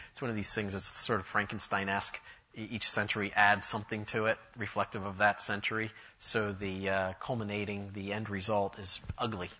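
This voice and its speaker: A man delivering a sermon with a bright, forceful edge and a husky grain to his voice. He tells his story with animation, his voice climbing and swelling as he drives each point home. The recording sounds dull and lo-fi. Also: medium pitch. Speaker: preacher.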